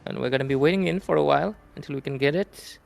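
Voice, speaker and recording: Gravelly-voiced man casting an esports draft. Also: fairly high pitch, fast talker. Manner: relaxed, joking, easygoing. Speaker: esports caster. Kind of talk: live game commentary.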